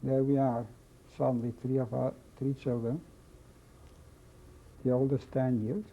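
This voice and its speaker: Gravelly older man giving testimony. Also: medium pitch, little pitch movement. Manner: halting, repeats phrases, slow reflective storytelling. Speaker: witness telling his life story. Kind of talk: oral history testimony. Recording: dull lo-fi recording, faint hiss.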